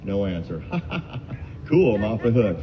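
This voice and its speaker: A man's voice: fairly low pitch, sing-song, measured pace, slight background noise. A middle-aged man speaking at a recovery meeting, sharing his story in a candid, self-mocking way. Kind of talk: personal recovery story share. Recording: dull, echoey hall sound.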